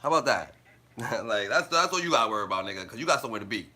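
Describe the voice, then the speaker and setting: This livestreamer's mid-range voice is expressive and rapid-fire, sharp in tone. He laughs a lot while ranting and spinning blunt, profane, slang-filled stories on a casual stream.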